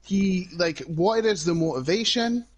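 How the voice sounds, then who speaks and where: Young Scottish co-host, a bit high, chatty and halting, stacking fillers. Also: male voice, animated. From Scotland. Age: young adult. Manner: hesitant, many restarts and "like"s. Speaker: podcast co-host. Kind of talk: casual chat.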